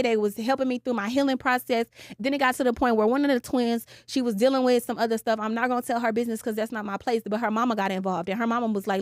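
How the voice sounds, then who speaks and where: A woman's voice: fairly high pitch, fast, no echo, studio quality. A young woman telling a personal story on a podcast, blunt and profane, acting out the people she quotes. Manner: blunt and profane, animated retelling with quoted voices. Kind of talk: candid storytelling, casual podcast chat.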